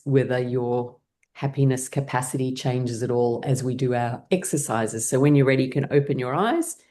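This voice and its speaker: A woman teaching a laughter class, guiding listeners gently through breathing and playful laughing exercises. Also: a bass voice. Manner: gentle, encouraging guidance with playful laughter breaks.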